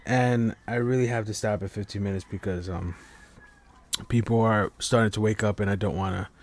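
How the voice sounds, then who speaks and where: A man's voice: fairly low pitch, fairly even intonation, moderate pace. Rambling, stammering man on a late-night stream. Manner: rambling, stammering restarts, heavy swearing. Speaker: live stream podcast host. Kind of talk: casual late-night monologue. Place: at home while others sleep.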